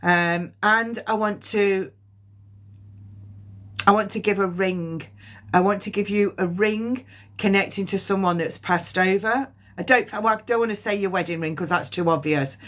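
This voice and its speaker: A woman's voice: medium pitch, moderate pace, a bit bright. A woman giving a live psychic reading, rambling with many ums, coughing often and getting emotional at times. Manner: emotional, near tears at times. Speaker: medium.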